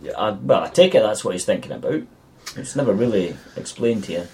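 A man's voice: on the low side, lively intonation, a little fast, vocal fry, dark tone. A man co-hosting a podcast, chatting casually and mockingly about a film, swearing often. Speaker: podcast co-host. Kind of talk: casual movie review chat.

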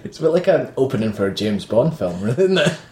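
A man's voice: medium pitch, big pitch swings, quick pace, a little mellow. Jokey man on a roomy podcast. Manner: jokey, teasing, laughs often. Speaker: podcast co-host. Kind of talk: casual film review chat. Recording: roomy echo.

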